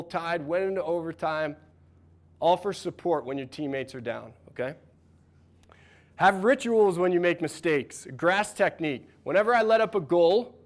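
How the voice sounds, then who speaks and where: A man, a mental performance coach, giving an energetic, encouraging workshop talk and asking the room questions. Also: on the high side. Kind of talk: workshop talk to a live audience.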